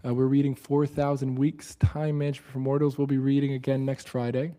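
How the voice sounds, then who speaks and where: A man hosting a livestream book study, talking in an earnest, reflective way and often dropping to a soft, low voice. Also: flat delivery, a little fast.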